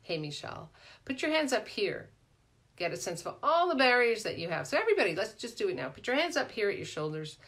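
A middle-aged woman coaching in a casual live stream, animated and chatty, often ending points with "right?" and greeting viewers by name. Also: mid-range voice, fast talker, slightly rough. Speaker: life coach hosting a live Q&A.

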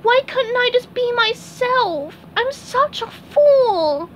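A woman's voice: extremely high pitch, slow pace, slight background noise, pitched above the performer's own voice, full character voice. SpongeBob, a woman doing a squealing goofy sponge. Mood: wailing sad. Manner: excitable, squealing, over-the-top. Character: cheerful goofy male sea sponge.

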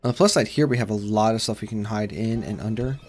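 A man hosting a let's-play of a horror game, rambling along and shouting whenever he is startled. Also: fairly low pitch, fast, music in the background. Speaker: gaming channel host.

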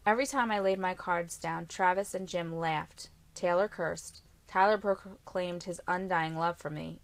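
A woman narrating a novel in the first person, reading with steady, even storytelling. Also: fairly low pitch. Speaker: audiobook narrator.

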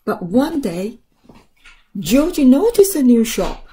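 A woman reading a picture book aloud as story time reader, soft, slow and expressive. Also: high-pitched, background noise.

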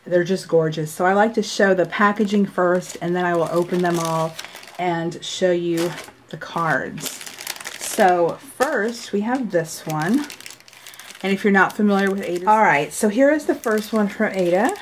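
A woman's voice: on the low side, unhurried, slight background noise. A middle-aged woman casually chatting as she shows off handmade greeting cards, gushing and laughing often. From United States. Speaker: card-making YouTuber. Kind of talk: casual chat showing mailed cards.

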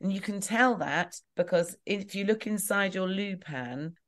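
A woman's voice: mid-range voice, unhurried. A woman guest giving practical home advice in a chatty, rambling way, often correcting herself mid-sentence. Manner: chatty, rambling, explains with self-corrections and laughs. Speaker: guest property expert. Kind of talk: casual interview advice.

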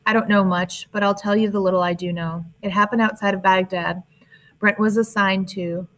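Brief: worn-out older schoolteacher addressing a class, read by a woman narrator, medium pitch. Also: steady tone, moderate pace, lightly acted, low-quality recording. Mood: weary. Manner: weary, grave. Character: weary older male history teacher. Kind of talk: audiobook character reading.

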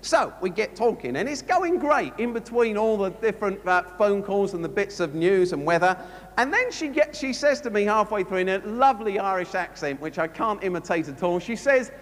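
A man preaching a sermon, telling a story with lively storytelling and acting out both sides of a conversation. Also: high voice, moderate pace. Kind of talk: sermon anecdote. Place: large conference hall. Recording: long hall reverb from a live conference.

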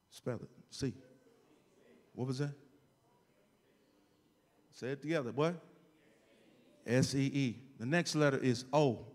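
Mężczyzna, gościnny kaznodzieja w kościele, wygłasza kazanie, raz wykrzykując, raz przechodząc w cichy szept, i zwraca się do zgromadzenia. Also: male voice, medium pitch. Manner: shouts then drops to a soft hush; calls to the congregation. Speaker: guest preacher. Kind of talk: sermon. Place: church sanctuary. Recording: long hall reverb.

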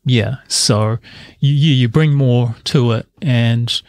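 A man's voice: mid-range voice, slow pace, a little mellow, dry recording. A man co-hosting a casual podcast chat, earnest and encouraging, restarting his sentences as he thinks.

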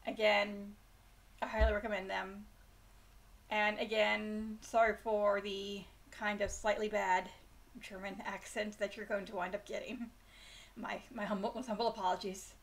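A woman's voice: medium pitch, level tone, measured pace, creaky. Chatty woman reading bedtime stories. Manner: chatty and self-deprecating. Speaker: storyteller host.

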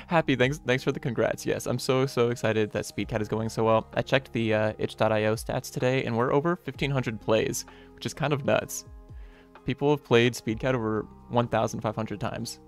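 A man hosting a casual live stream. He greets viewers one by one in an upbeat, friendly way, with playful, softly self-mocking asides. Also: mid-range voice, fairly even intonation, moderate pace. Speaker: streamer and game developer. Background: faint lo-fi music.

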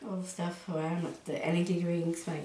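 A woman chatting casually to camera as a vlogger, giggling between phrases and rambling excitedly. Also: fairly low pitch, fairly quick, a little hiss or hum. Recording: roomy echo.

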